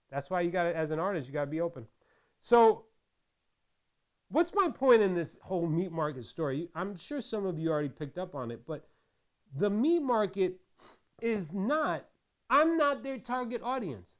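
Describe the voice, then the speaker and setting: A man's voice: high voice, sing-song, normal speed. A man casually chatting while making crafts, rambling through stories with lots of restarts. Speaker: craft vlogger. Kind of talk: casual tutorial chat.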